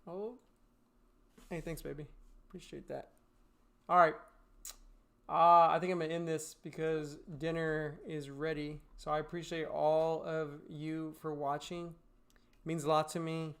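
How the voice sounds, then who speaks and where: A man streams while gaming, casually chatting with viewers, answering their questions, swearing, laughing and handing out blunt trading advice. His voice sits on the high side and is gravelly and fairly bright, with a flat, measured delivery and frequent pauses.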